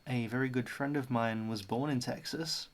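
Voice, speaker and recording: A man's voice: medium pitch, fairly even intonation, normal speed. An Australian man chatting casually as host of a livestream, musing about accents. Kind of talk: casual stream chat.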